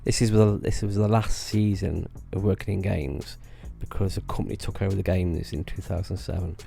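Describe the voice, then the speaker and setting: A man's voice: sits low, steady tone, moderate pace, creaky, warm tone, faint music behind. A man telling rambling casual stories about his old theme park job, restarting phrases and laughing at himself. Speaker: vlogger recalling theme park work.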